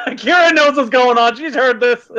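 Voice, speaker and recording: A man with a high, bright voice hosts a casual stream chat, telling jokes with an animated, bouncing delivery and laughing often. The sound is somewhat dull and lo-fi. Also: measured pace. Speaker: live stream host.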